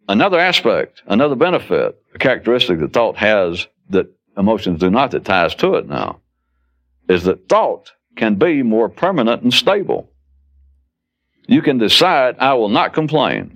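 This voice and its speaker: A man giving a spoken philosophical talk in a wry, conversational way, now and then acting out quoted outbursts. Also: fairly low pitch. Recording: dull lo-fi recording.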